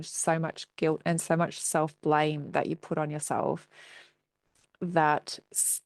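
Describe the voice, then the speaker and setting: A woman's voice: sits low, a little mellow. A woman hosting a podcast interview, affirming and reflective, echoing her guest's points back. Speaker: podcast host.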